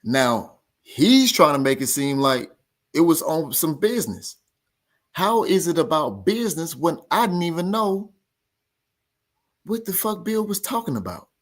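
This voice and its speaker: A man hosting a boxing talk show rants in a heated, casual way, animated and argumentative, repeating his points with emphasis. His voice is a little high and unhurried.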